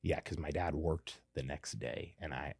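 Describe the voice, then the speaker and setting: A man casually telling a long story as a podcast guest, animated and full of restarts. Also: extremely low pitch, normal speed, husky, dry recording, studio quality. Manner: animated, restarts a lot, says "you know what I mean".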